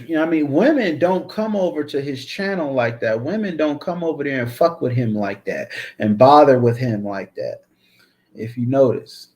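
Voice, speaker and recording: A man's voice: medium pitch, moderate pace, a little mellow. A man hosting his own channel, ranting in a blunt, profane, repetitive way. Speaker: channel host. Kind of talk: casual ranting commentary.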